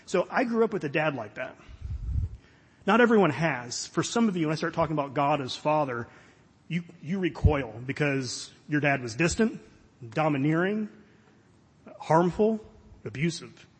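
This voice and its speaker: A man's voice: a little high, lively intonation, moderate pace, long pauses, breathy edge. A middle-aged man from Florida preaching a sermon, earnest and conversational with touches of humor. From Florida, USA. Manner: conversational, earnest, with light self-deprecating humor. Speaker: pastor. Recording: long hall reverb.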